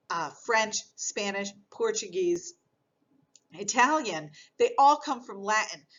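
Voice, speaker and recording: Woman, teacher, recorded lesson, patient explaining, middle pitch, slightly muffled audio. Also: fairly bright tone. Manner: patient, explanatory, repeats key points. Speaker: French teacher.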